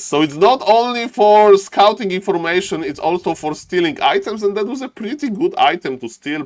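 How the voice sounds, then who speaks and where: A man casting a live strategy game match on his stream, talking fast to chat and jumping into high-pitched shouts when big plays happen. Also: a little hiss or hum. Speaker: esports caster and streamer.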